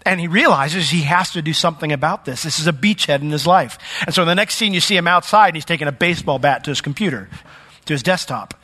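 A man preaching a sermon with earnest emphasis, rising sharply when he urges his listeners and dropping low for heartfelt points. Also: fast. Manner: earnest, preacherly, climbs high and loud when urging. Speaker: pastor.

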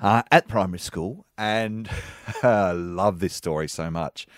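A man co-hosting a casual comedy podcast, telling stories in an animated way and slipping into funny voices. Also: deep voice, measured pace, dry recording, clean studio sound. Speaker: podcast co-host.

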